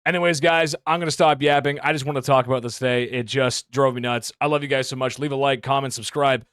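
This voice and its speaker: A man giving casual reaction commentary, excitable and joking, throwing in rapid asides. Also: mid-range voice, smooth, dry recording, studio quality. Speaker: commentary YouTuber.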